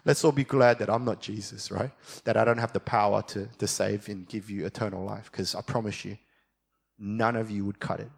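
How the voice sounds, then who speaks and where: A young adult man preaching a sermon as a pastor, moving from quiet reflection to fired-up passion. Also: lowish voice, steady tone, brisk, creaky, slightly rough.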